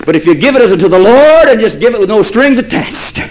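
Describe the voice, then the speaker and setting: A man's voice: high-pitched, big pitch swings, fairly quick, rough recording. A man preaching a sermon in a folksy storytelling way, building to fervent repeated phrases.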